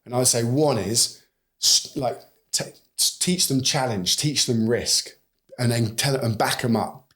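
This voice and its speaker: A man's voice: medium pitch, normal speed, a bit bright. A British man in his forties, a podcast guest who talks animatedly and acts out bits of quoted dialogue. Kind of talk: conversational podcast interview.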